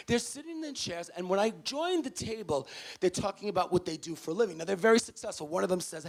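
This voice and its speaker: A motivational speaker from New City, a man, working a student crowd with a story. He talks with a gravelly rasp, sits a little high for a man, and acts out every character in his story. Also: lively intonation, fast. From New York City. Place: large hall with audience.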